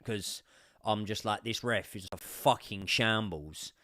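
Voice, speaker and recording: A young man giving sweary live commentary as a football fan on a watchalong stream, swinging from muttering to shouting. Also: fairly low pitch, slow, dry recording, studio quality.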